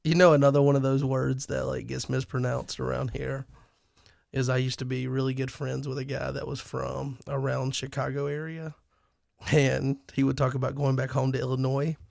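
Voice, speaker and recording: A man's voice: medium pitch, completely flat delivery, moderate pace, vocal fry, darkish tone, no room sound, studio quality. A man co-hosting a podcast, chatting casually, joking and rambling with restarts. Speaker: podcast co-host. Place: lives in Alabama.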